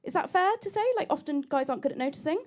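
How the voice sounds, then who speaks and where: A woman's voice: high-pitched, very fast. A woman, doing a chatty, self-mocking stand-up set and teasing the crowd in a comedy club. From England. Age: 30s. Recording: live club recording with audience noise.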